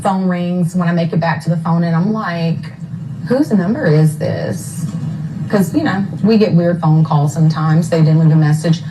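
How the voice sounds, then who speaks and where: Low-voiced mother recounting events, mellow tone. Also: moderate pace, a little hiss or hum, rough recording. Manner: detailed, careful about times, uses many fillers. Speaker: mother of a missing son.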